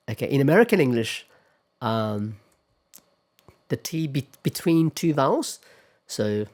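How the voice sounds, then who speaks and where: Slow, deliberate male lecturer. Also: medium pitch, a little mellow. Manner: deliberate, repeats example words several times. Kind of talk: pronunciation lecture.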